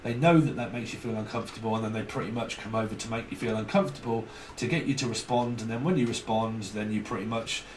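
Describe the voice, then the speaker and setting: A man's voice: lowish voice, quick pace, few pauses. A man giving a rambling, repetitive solo tarot reading, with digressions and joking asides. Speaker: tarot reader. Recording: roomy, distant mic, faint hiss.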